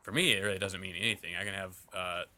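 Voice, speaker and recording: A man with a low voice and a very bright, forceful tone rambles through a casual podcast chat about coaching his clients. He leans hard on fillers as he thinks out loud. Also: fairly even intonation, fast. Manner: rambling, many fillers like "like" and "you know".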